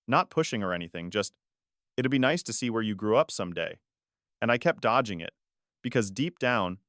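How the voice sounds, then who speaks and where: A man reading a first-person family story aloud in a measured, dramatic way. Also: fairly low pitch, a bit bright, no echo, studio quality. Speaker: story narrator. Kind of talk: scripted narration.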